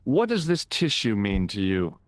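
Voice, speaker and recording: An actor playing an earnest young American tourist hero with an American accent, in classic 1990s game-hero style. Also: male voice, fairly low pitch, wildly swooping pitch, moderate pace, dry recording, studio quality. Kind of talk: video game voice acting.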